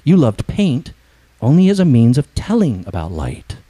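A man doing a calm, pleading heavenly spirit. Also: medium pitch, normal speed, rough recording. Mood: gentle. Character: gentle male spirit from heaven.

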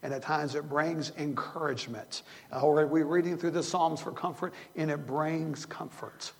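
A man's voice: a little high, fairly even intonation, moderate pace, vocal fry, big-room sound. An older man preaching a sermon as a pastor, earnest and rambling, often restarting his sentences. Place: church sanctuary.

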